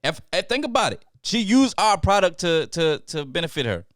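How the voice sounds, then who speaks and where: A man's voice: fairly high pitch, big pitch swings, moderate pace, fairly bright tone, no echo, clean studio sound. A man hosting a casual podcast chat, ranting emphatically and repeating his lines for effect as he riffs with his co-hosts around a table. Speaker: podcast host.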